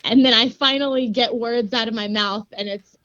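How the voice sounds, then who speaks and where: A woman's voice: a little high, normal speed, dry recording, muffled recording. A young woman guest telling a story in a casual, giggly way, full of "like". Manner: giggly, animated, says "like" a lot. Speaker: podcast guest, grappler.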